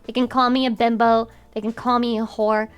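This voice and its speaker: A young adult woman streamer chatting casually with viewers in a playful, teasing way, with sudden squeaky outbursts. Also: level tone, a little fast, clear, resonant tone. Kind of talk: casual chat reacting to viewers. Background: faint music.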